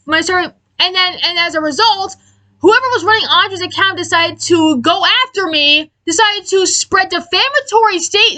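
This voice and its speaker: A woman giving an angry, profane commentary rant, exasperated and halting with many restarts. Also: very high voice, pushed and bright. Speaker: aviation commentary YouTuber.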